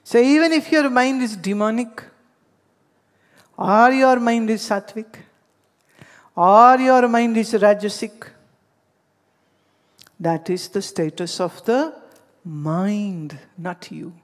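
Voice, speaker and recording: A woman gives a spiritual teaching, weaving in anecdotes and speaking straight to her listeners. She talks slowly and deliberately. A long hall reverb trails each phrase. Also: on the high side. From India. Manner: storytelling, addressing listeners directly.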